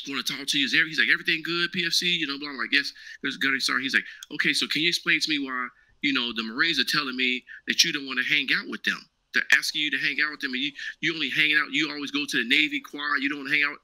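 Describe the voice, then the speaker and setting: A man talks quickly in a loose, slangy way, jumping into the voices of the people in his stories. His tone is hard-edged and pushing, with a bright, forceful sound. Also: a little high, low-quality recording. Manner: animated, slangy, acts out quoted dialogue. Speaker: guest, former Marine now cloud engineer. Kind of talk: casual storytelling interview.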